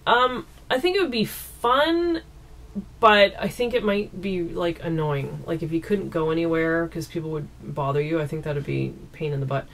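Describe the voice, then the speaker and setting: Speaking at a moderate pace in a low-pitched voice, a woman from Canada's East Coast giggles and chats casually while answering viewer questions at home. She's recorded on a camera mic for a laid-back Q&A.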